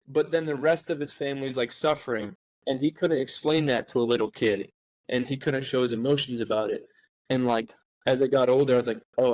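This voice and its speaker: A man's voice: mid-range voice, dry recording, low-quality recording. Emphatic male podcast host, dry sound. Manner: emphatic, swears often, says "like" a lot. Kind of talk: casual heartfelt conversation.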